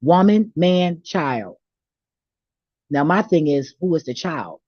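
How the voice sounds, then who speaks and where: Speaking slowly in a low, sing-song voice, a woman vlogger rants about faith on her own channel in a blunt, profane, preachy, confrontational, and unfiltered spiritual monologue. The recording is dry, with the highs cut off.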